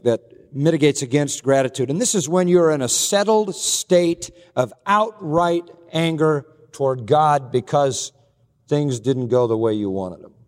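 A pastor preaches a sermon with earnest, emphatic delivery, laying out his points in slow, deliberate lists. His voice sits a bit high for a man and has a darkish tone. A long reverb, like that of a large hall, carries the sound.

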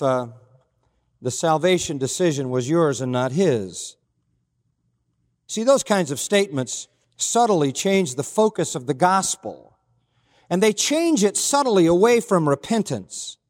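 Older man, pastor, earnest emphatic sermon, fairly high voice, reverberant hall. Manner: earnest, emphatic preaching with quoted dialogue.

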